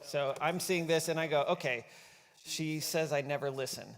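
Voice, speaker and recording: A man's voice: on the high side, steady tone, moderate pace. A man speaking at a church conference in an easygoing, conversational way. He often acts out quoted inner dialogue. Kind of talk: conversational stage talk. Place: church auditorium. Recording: long reverb of a large hall.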